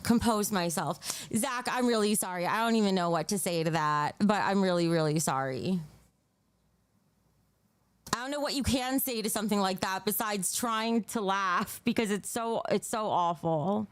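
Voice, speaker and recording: Feeling sick to her stomach, a streamer chats with her viewers and reads their donations, wandering off topic, saying sorry, cursing, and letting out uneasy giggles. She talks at a normal speed in a mid-range voice, and there is no room sound.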